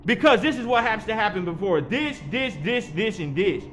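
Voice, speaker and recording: High-voiced man ranting in his thirties. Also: expressive, normal speed, fairly bright tone, slight background noise. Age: 30s. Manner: heated, profane, preachy. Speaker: vlogger. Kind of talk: rambling monologue.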